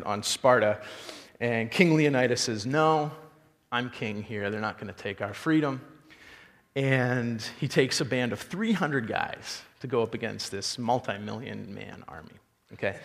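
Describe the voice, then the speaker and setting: A man preaching a sermon as a pastor, animated storytelling and rhetorical questions. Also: lowish voice, creaky, in a large hall.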